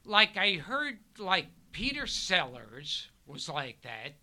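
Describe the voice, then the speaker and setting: An older man, a guest on a talk show, telling anecdotes in a halting way and often repeating his words. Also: high voice, sing-song, sharp tone. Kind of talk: casual storytelling chat.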